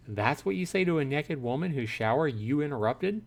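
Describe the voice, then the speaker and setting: A man streaming a visual novel, reading the story aloud and chatting to viewers about it, acting out his own reactions in a higher, louder voice. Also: expressive, brisk, few pauses. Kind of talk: livestream commentary, reading game text aloud.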